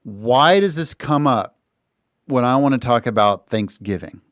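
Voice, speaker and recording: A middle-aged man tells a story on his podcast in a loose, conversational way, and his voice sounds smooth and resonant. He keeps the telling lively and acts out the people in his story. The sound is dry and close, recorded in a studio. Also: mid-range voice, a little slow, dry recording. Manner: animated, slips into voices when quoting others. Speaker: podcast host. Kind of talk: casual storytelling monologue.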